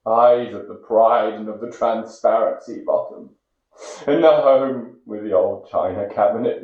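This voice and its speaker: A man from Great Britain giving a dramatic poetry recitation, intense, moving between hushed whispers and loud cries. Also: fairly low pitch. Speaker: poetry reader. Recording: echoey, dull lo-fi recording.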